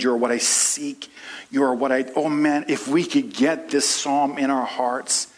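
A man preaching a sermon as pastor, rising into impassioned prayerful peaks and dropping to soft asides, calling the congregation honey and friends. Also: fairly even intonation, unhurried. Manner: impassioned preaching, swings from low and soft to high and loud.

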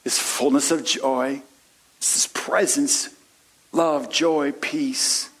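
A man preaching a sermon as pastor, rising into impassioned prayerful peaks and dropping to soft asides, calling the congregation honey and friends. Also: fairly even intonation, slow, slightly rough. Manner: impassioned preaching, swings from low and soft to high and loud.

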